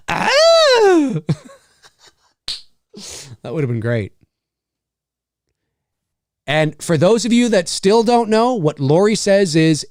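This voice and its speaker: A man hosting a podcast, giving animated live commentary on a movie like a showman. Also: high voice, no echo, clean studio sound. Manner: animated, showman-like, keeps saying "ladies and gentlemen". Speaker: podcast host.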